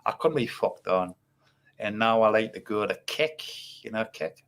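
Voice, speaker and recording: A man chats on a livestream, rambling from one thing to the next and swearing freely. His voice sits a little low. He talks like a casual guest calling into a panel show. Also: animated, moderate pace. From North East England. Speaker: guest streamer.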